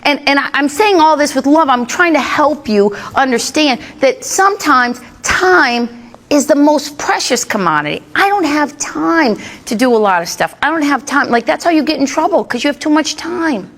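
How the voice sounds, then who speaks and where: A woman's voice: high-pitched, lively intonation, normal speed. A middle-aged woman doing a stand-up routine on a club stage, telling punchy, brash stories and working the crowd. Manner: brash, punchy storytelling with jokes landing to laughter. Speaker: stand-up comedian. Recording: live club recording with loud crowd laughter. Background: loud audience laughter.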